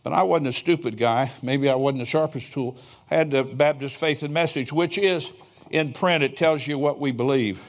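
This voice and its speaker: An older man with a medium-pitched voice preaches a sermon in a church sanctuary at a moderate pace. He tells stories in a folksy way, adding chuckling asides.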